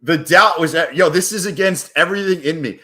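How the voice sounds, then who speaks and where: Excitable man with a bright voice. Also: a little high, brisk. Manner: excitable, profane, hypes up his wins; rambling and casual. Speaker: day trader streaming live. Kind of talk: live stream chat.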